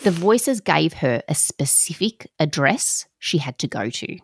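Woman, low voice with a gravelly fry, dry close sound, lively casual storyteller, slangy, swears now and then. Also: measured pace, dry recording. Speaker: podcast co-host.

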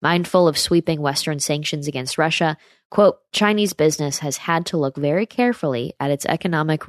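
A woman's voice: deep voice, dry recording, clean studio sound. An American woman hosting a political commentary show, reading news aloud with sarcastic, chatty asides to her viewers.

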